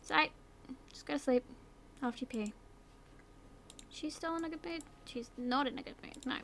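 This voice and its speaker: A woman's voice: high voice, normal speed, slight background noise. A woman with a sore throat giving casual commentary on her gameplay, chatting away and talking to her game characters. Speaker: gaming video host.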